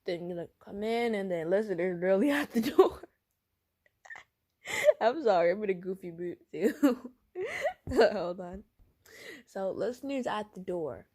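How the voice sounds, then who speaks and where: A woman's voice: medium pitch, big pitch swings, slow pace, long pauses, mellow. A tired woman narrating a role-play story in a casual, rambling, giggly way. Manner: giggly, rambling, self-conscious.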